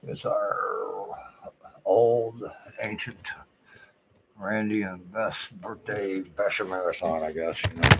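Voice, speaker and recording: Low-voiced flustered older man, muttering. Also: noisy background. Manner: swearing, flustered, talking to himself. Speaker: livestream host. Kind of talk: rambling casual livestream.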